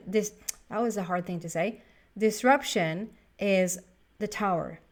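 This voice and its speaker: A woman giving a casual tarot reading to her viewers, chatty and thinking aloud as she talks to the cards. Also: medium pitch. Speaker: tarot reader.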